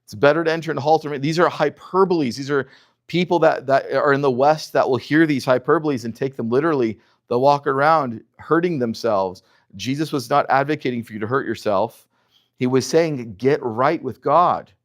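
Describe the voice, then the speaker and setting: A middle-aged man teaching a Bible class, talking in an emphatic, animated way with frequent restarts and filler words. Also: mid-range voice, a little fast.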